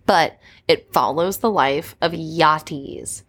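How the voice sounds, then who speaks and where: A woman's voice: low-pitched, takes it slowly, creaky, a bit bright, breathy edge. A young woman co-hosting a podcast, chatting casually and peppering her talk with "like". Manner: chatty, frequent "like" fillers. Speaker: podcast co-host. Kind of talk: casual chat.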